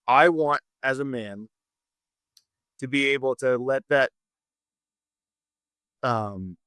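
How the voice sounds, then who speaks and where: A man's voice: mid-range voice, slow pace, a bit bright, clear, resonant tone, no room sound. A middle-aged man as a podcast guest, talking in a rambling, earnest way, often searching for words. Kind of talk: casual podcast chat.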